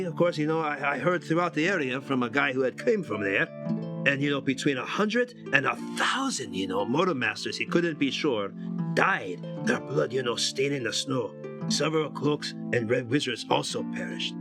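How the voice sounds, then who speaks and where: A man's voice: mid-range voice, lightly acted. A man voicing a chatty male innkeeper who rambles through rumors with lots of asides. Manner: rambling, full of "you know" asides.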